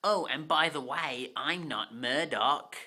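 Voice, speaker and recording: A reader voicing Grim Jim, a slow gloating demon engine. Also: mid-range voice, sharp tone. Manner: slow, drawn-out, mocking. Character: gloating male demon steam engine villain. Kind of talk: amateur storybook reading.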